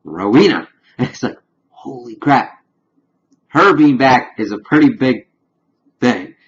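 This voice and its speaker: A man's voice: mid-range voice, animated. Casual man with a dull lo-fi sound. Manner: chatty, retells scenes with quick acted-out asides. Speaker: TV episode reviewer. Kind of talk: casual recap vlog. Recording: dull lo-fi recording.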